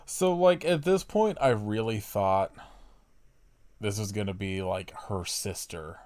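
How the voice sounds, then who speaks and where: A man's voice: on the low side, slow, a little mellow. A man co-hosting a podcast who drops dry, wry asides into casual chat, sounding a bit distant from the mic. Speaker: podcast co-host.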